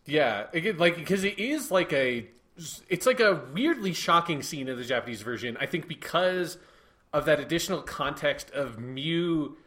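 A man's voice: on the high side, expressive, normal speed, bright, forceful tone. A man in casual conversation about a film, thoughtful and rambling, with frequent restarts. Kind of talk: casual chat, film discussion.

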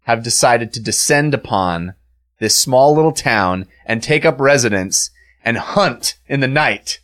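A man's voice: medium pitch, animated, measured pace, fairly bright tone. A man hosting a podcast, telling a news story in casual chat, laughing often and restarting sentences. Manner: chatty storyteller, laughs a lot, many ums and restarts. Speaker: podcast host.

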